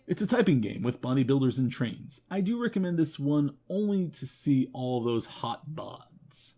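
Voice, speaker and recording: A man hosting a game news show, running through a list of games with quick wry comments and self-mocking asides. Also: medium pitch, sing-song, warm tone. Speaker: host. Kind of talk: rapid game review roundup.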